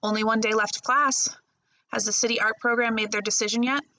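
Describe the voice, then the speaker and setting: A woman's voice: medium pitch, steady tone, brisk, pushed and bright. A woman voicing a grieving middle-aged father in a read-aloud novel, speaking his lines in a subdued, pleading way. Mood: earnest.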